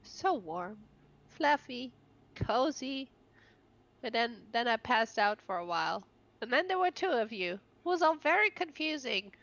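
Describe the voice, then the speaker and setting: A woman's voice: on the high side, big pitch swings, measured pace, a bit bright, muffled recording. A woman playing an old halfling grandma in a tabletop game, playful and bouncy, often slipping into her character's voice. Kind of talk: tabletop role-play chat.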